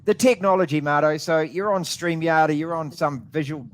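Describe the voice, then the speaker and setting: A man's voice: on the high side, normal speed. A man with a New Zealand accent hosting casual sports chat on the radio, blokey and joking, calling his guest mate. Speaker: radio host.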